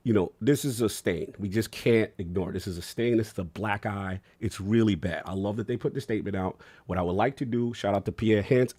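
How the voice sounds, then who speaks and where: A man's voice: lowish voice, a little mellow. Guy w/ aave ranting about games on a podcast, emotional, slangy. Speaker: podcast co-host. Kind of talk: casual podcast chat.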